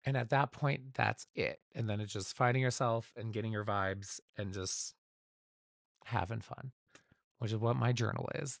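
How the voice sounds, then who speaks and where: Recorded at home with clean studio quality and no echo, this unscripted solo podcast features a man whose mid-range voice is gravelly and steady in tone. He talks at normal speed, rambling candidly and swearing casually as host.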